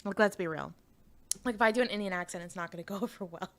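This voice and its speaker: A woman's voice: medium pitch, fast talker, a bit bright. A young woman from Canada, streaming and telling a story in a rambling, laughing way with lots of fillers and restarts, talking to her chat.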